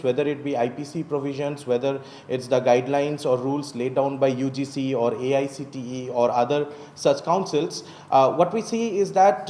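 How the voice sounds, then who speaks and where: Measured panelist on an echoey remote feed. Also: male voice, mid-range voice, darkish tone, slight background noise. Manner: measured, many "uh" pauses. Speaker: legal expert panelist. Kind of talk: TV panel debate discussion.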